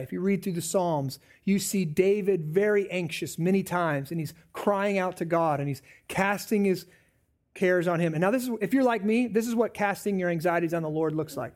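A man preaches in a high, animated voice. He keeps a conversational tone and slips into little acted-out voices of anxious people. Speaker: pastor. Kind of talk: sermon.

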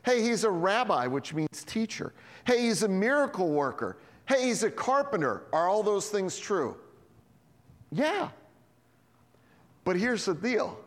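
A male pastor preaches with a high, expressive voice that swoops up and down. He acts out the dialogue as he goes. A long reverb carries through the church hall. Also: unhurried. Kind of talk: sermon.

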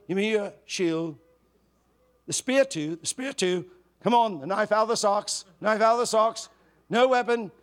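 A commanding English army sergeant barks orders, snapping out each word and repeating himself for emphasis, as a preacher puts him on. The voice sits high for a man. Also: a little slow, pauses often, a bit bright. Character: gruff male army sergeant, brisk and commanding.

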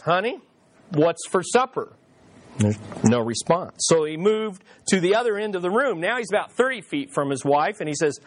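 A man with a notably high-pitched voice delivers a sermon, weaving humorous anecdotes into his lesson. He draws the congregation in with call and response and repeats his key lines for emphasis. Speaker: pastor. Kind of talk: sermon with jokes.

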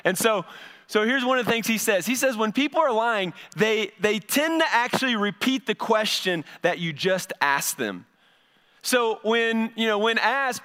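A middle-aged man preaching a sermon to his congregation in a folksy, animated storytelling way, acting out the voices in his stories. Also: high-pitched, normal speed, clear, resonant tone. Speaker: pastor. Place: church service before a congregation.

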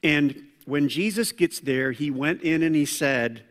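A man preaching a sermon as pastor, animated, swinging between loud preaching and quiet asides. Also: fairly high pitch, unhurried, few pauses. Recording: long hall reverb.

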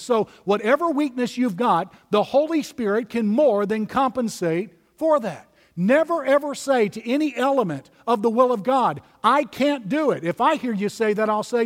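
A man's voice: sits high, long reverb tail. A man preaching a sermon as pastor, emphatic and direct, calling his listeners beloved.

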